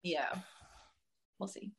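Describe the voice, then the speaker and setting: A young woman musician, a guest in a casual interview, talking chattily with lots of fillers and giggles. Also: takes it slowly.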